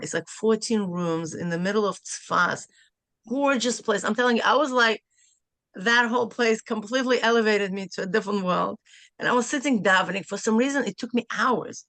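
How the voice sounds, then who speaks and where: Animated woman sharing a story with class, quick bursts, dry close sound. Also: medium pitch, no room sound. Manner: lively, laughing, bursts of rapid speech. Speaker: class participant. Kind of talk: casual storytelling.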